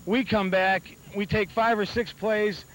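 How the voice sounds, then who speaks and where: A man doing postgame sideline interviews at an outdoor football field, talking in halting, rambling bursts. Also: high voice, steady tone, a bit bright, slight background noise, rough recording. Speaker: sideline reporter interviewing coaches.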